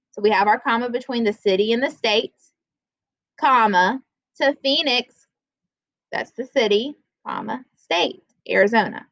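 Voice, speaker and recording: Bright-voiced woman teaching a grammar lesson. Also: on the high side, no room sound, poor audio. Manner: explains plainly, reads example sentences slowly.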